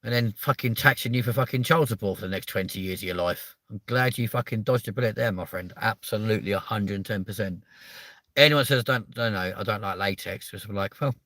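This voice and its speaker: A young Englishman hosting a live stream, telling rambling stories full of swearing. His voice sits a bit low but has a bright, forceful edge. The sound is dry and close, with almost no room around it. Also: fairly quick, no room sound. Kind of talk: casual live stream chat.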